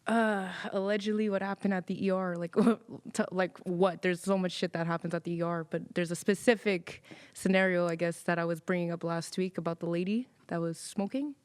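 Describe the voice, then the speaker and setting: Animated woman telling workplace stories. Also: fairly low pitch, fairly quick, smooth. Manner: animated storyteller, swears freely, acts out quoted people. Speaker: podcast co-host. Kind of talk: casual chat.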